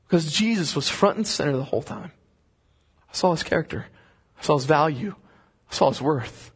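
A man preaching a sermon, earnest and impassioned, moving into slow prayer. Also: on the high side, animated, slightly rough. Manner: impassioned, rising to fervent pleading when reading aloud.

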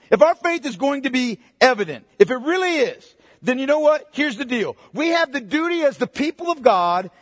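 A man's voice: extremely high pitch, no echo, studio quality, big-room sound. A man preaching a sermon, emphatic, repeating phrases for stress and asking the congregation questions. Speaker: pastor.

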